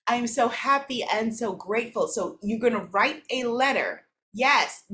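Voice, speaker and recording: A woman's voice: on the high side, expressive, moderate pace, bright, forceful tone. Affirming woman leading a spiritual workshop. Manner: affirming, repeats gratitude phrases, reads participants' comments; laughs easily. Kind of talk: live spiritual workshop teaching.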